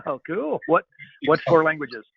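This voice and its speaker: A man's voice: a little high, sing-song, measured pace, gravelly. Upbeat man on a tinny call. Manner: upbeat, jokey, calls people buddy. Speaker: host of a software Q&A call. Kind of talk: casual video call chat. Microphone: video call. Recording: tinny phone-like call audio.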